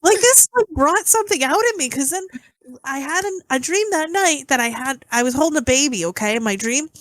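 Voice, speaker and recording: A woman's voice: sits high, a little fast, no room sound. A woman co-hosting a casual movie review podcast, telling stories with lots of swearing and squealing outbursts. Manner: expressive storyteller, swears, squeals in retelling. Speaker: podcast co-host.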